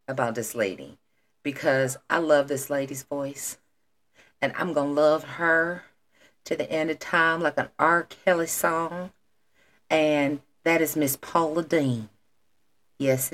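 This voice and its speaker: A woman hosting a podcast in a casual, rambling monologue, slangy and playful with her emphasis. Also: low voice. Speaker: podcast host.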